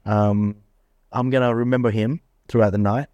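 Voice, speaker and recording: A man's voice: on the low side, steady tone, normal speed, a little mellow, no room sound, lo-fi sound. A man hosting a casual chat, bragging and acting out his own dialogue in a raised voice. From Australia. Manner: boastful, acts out quoted dialogue in a raised voice. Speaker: podcast host.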